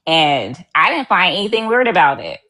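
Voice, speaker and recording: Earnest woman host with a lowish voice. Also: sing-song, normal speed, bright, forceful tone. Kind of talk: casual chat.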